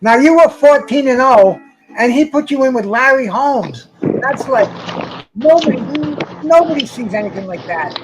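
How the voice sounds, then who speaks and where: A man hosting a casual interview, excitable and chummy, reading out viewer comments. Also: very high voice, normal speed, over music. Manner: excitable, chummy, calls guest bro. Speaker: host. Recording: noisy background.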